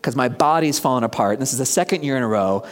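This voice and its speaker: A man around fifty preaching a conversational sermon, asking the congregation questions and dropping to a hushed near-whisper for emphasis. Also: mid-range voice, expressive, quick pace. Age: about 50. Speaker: pastor. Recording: long reverb of a large hall.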